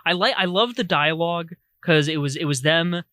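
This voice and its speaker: A man's voice: on the high side, normal speed, bright, forceful tone, no room sound. A man co-hosting a podcast, reviewing a film in rambling casual chat with many restarts. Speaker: podcast co-host.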